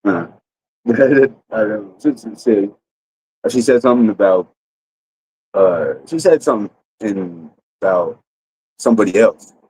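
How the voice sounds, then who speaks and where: Husky man rambling through a profane story. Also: fairly low pitch, expressive, a little slow, pauses often, dark tone, no room sound, low-quality recording. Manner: rambling, profane, full of restarts. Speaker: streamer. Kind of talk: casual storytelling on a livestream.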